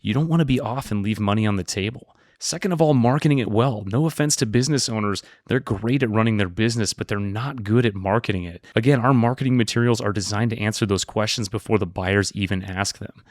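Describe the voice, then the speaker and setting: Man, business broker, explainer video, low voice, upbeat, direct, dry sound. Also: fast, hardly any pauses, no echo. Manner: direct, upbeat teaching tone with lists and emphasis.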